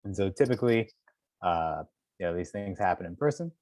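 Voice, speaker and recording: A man's voice: low voice, expressive, fairly quick, darkish tone, dry recording, studio quality. A man, a poet, leading a virtual workshop for teachers over a video call, encouraging them and counting beats aloud.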